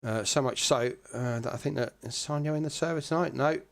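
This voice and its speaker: A male sim racing commentator delivers conversational live play-by-play in a brisk, gravelly, medium-pitched voice. He's chatty and relaxed, using many fillers.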